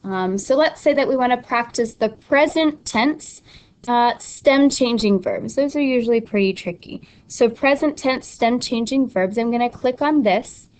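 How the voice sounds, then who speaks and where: A woman's voice: a little high, a little slow, darkish tone. A young adult woman teacher explaining an online study tool step by step, casual and instructive with frequent ums and restarts. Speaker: Spanish teacher. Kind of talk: screen-recorded tutorial walkthrough.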